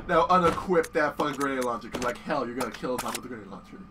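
A man casually commentating on a horror video game as he plays, excitable and swearing often. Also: mid-range voice, fast talker, distant mic, background noise. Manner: excitable, profane, yells at the game. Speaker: gameplay commentator. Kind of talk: casual let's-play commentary.

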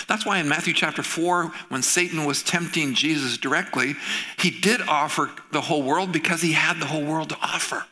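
A middle-aged man preaching in church as pastor tells stories in an animated way, acting out the quoted voices. His voice is on the high side and a little fast.

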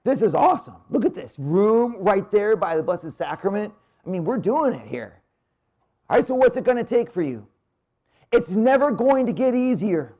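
A man with a high voice preaches at a marriage retreat in a church room. He speaks casually and with energy, then drops into slow, quiet stretches to stress a point. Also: very animated, lo-fi sound. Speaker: priest giving a marriage retreat talk. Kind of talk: live retreat talk. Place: church room near the Blessed Sacrament.

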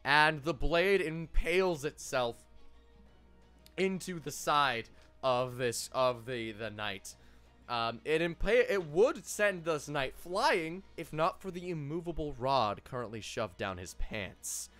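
A man's voice: fairly high pitch, slow, a bit bright, soft background music. A man narrating as game master of a tabletop game, loose and joking, with many fillers.

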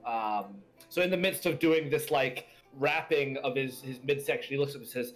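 A man casually narrating his character's turn in a tabletop game, with halting pauses. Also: medium pitch, soft background music. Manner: halting, filler-heavy.

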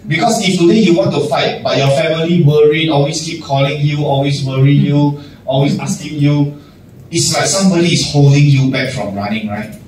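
Guy managing a staff talk, kinda high voice, sounds far from the mic in a big echoey room. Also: fairly quick, a little hiss or hum. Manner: animated, acts out little scenes with laughs. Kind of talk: casual motivational talk.

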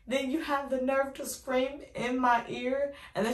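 A young adult woman telling a casual story to her viewers, animated and sassy, with slang, calling them y'all. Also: high-pitched, a little slow. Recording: roomy echo.

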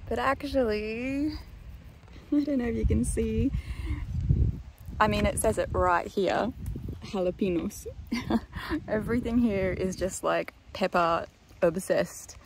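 A woman's voice: mid-range voice, slow pace, long pauses, a little hiss or hum. A young woman vlogging casually to a handheld camera, chatty and rambling, with lots of ums and likes and frequent laughs. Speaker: long-distance walker and vlogger. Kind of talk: casual vlog chat to camera.

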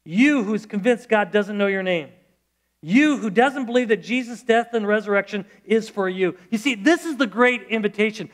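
A middle-aged male pastor preaching a sermon in church, conversational and storytelling, with frequent restarts. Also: high-pitched.

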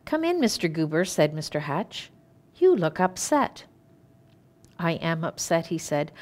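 Calm woman minister reading a story. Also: medium pitch. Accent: Canadian English. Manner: calm, clear storytelling with gentle expression. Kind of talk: reading a children's story aloud.

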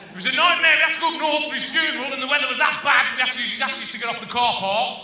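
A man's voice: extremely high pitch, rapid-fire, crowd noise. A man with a Black Country accent doing live musical stand-up, telling dry, self-mocking one-liners. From Black Country, West Midlands, England. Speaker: musical comedian. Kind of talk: live stand-up comedy with guitar. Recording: very echoey live room, distant voice. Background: guitar music.

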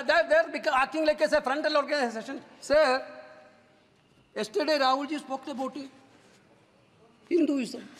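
A man with a Malayali English accent speaks in a parliament chamber, his voice very high and pushing into shouts as he repeats his points. The big room adds a long reverb tail. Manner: forceful, repetitive, rising to shouts. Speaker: member of parliament. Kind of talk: parliamentary floor speech.

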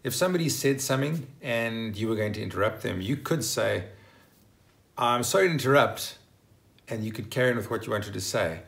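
A man's voice: on the low side, fast talker, vocal fry, few pauses. A man hosting his own channel and teaching English vocabulary in an upbeat, emphatic way, acting out example phrases. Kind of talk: scripted vocabulary lesson.

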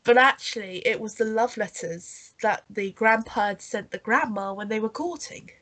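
A woman's voice: on the high side, normal speed, a bit bright. Nasal woman with a cold. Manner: rambling, full of fillers and restarts, coughing. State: has a cold. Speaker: podcast co-host. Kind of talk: casual chat reviewing a holiday special.

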